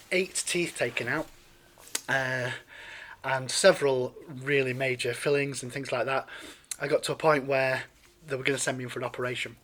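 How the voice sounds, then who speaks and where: A man, a singer-songwriter chatting softly and ramblingly to an audience between songs in a studio. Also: medium pitch. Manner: soft-spoken, rambling, with many "um"s. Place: studio performance space.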